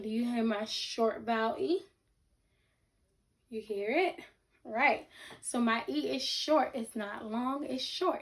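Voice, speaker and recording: A woman teaching a reading lesson to children, speaking slowly and deliberately, breaking words into syllables and checking in with the class. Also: on the high side. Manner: repeats sentences and checks in with the class.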